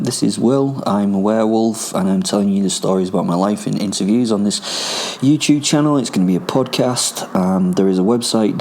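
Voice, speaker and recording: A man's voice: sits low, warm tone, a little hiss or hum. A man from Rochdale with a Northern English accent, hosting a podcast and telling first-person stories as a boastful ex-soldier werewolf on the run, rambling and swearing with many ums and asides. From Rochdale, England. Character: self-styled werewolf, boastful ex-soldier on the run, male adult. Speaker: podcast host. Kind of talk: in-character first-person storytelling.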